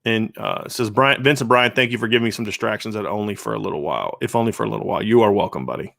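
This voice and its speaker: A man's voice: lowish voice, rapid-fire, vocal fry, fairly bright tone, no echo, clean studio sound. A man hosting a live stream, reading viewer comments aloud and answering them in casual, earnest chat with frequent restarts. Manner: conversational, earnest, many restarts. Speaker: show host.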